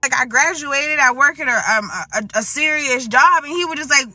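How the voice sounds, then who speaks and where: A high-pitched woman tells a rambling storytime, her tone very bright and sharp as she acts out the other people's lines. The recording is dry and close. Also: moderate pace, hardly any pauses, no room sound. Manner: rambling, restarts and quotes others. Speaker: storyteller in a played clip. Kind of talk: casual storytime, acting out dialogue.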